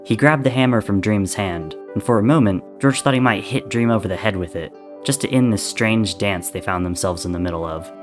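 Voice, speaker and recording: Male storyteller, lower voice, measured dramatic reading. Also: music in the background. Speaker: narrator. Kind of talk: reading fan fiction aloud.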